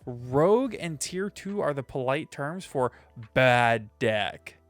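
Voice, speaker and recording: A man's voice: medium pitch, sing-song, slow pace, no echo, soft background music. A man hosting a casual podcast, upbeat and jokey, reading sponsor notes and lists of names. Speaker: podcast host.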